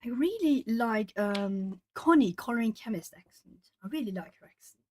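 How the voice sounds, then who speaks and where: A woman's voice: on the high side, expressive, moderate pace, a little mellow, dry recording. A young woman from Brazil, a Portuguese native speaker, chatting casually on an art stream while colouring and reading out chat. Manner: chatty, rambling, reads chat aloud.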